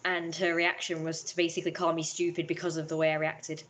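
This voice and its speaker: A woman's voice: deep voice, flat delivery, fast talker, a bit bright, roomy sound, slight background noise. A young woman hosting a livestream, retelling a family conflict in a rambling, upset way with many restarts. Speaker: livestream host. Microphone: webcam or phone on a livestream.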